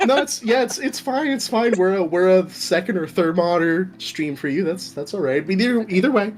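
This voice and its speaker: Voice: mid-range voice, animated, brisk, a little hiss or hum. A co-host chatting casually on a stream, rambling and repeating words, with frequent swearing.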